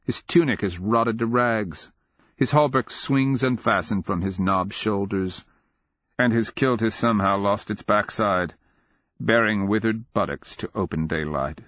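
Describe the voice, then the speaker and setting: Slow, low-voiced male storyteller. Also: no room sound. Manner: measured, expressive storytelling. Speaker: audiobook narrator. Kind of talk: scripted fantasy narration. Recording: dull, dry lo-fi recording.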